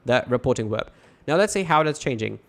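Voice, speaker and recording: A man's voice: medium pitch, expressive, a little fast, creaky, fairly bright tone. A man teaching English grammar online in a casual, chatty way, reading example sentences aloud and explaining them with many fillers such as "you know" and "right?". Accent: South Asian English.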